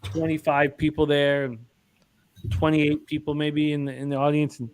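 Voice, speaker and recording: A man's voice: fairly high pitch, completely flat delivery, normal speed, smooth. A man hosting a live sports betting stream, telling a long rambling anecdote in casual chat with many fillers. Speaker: sports betting show host.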